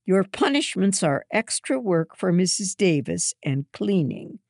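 Strict boarding-school matron as a reader puts her on, commanding, scolding, gravelly, dry close sound. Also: mid-range voice, big pitch swings, takes it slowly, darkish tone, dry recording, exaggerated voice. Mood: stern scolding.

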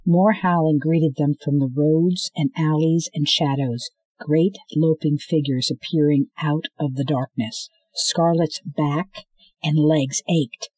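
A man narrating an audiobook in a steady storytelling manner, lifting into voices for the dialogue. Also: a little high, slightly rough, dry recording, rough recording. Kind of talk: scripted narration.

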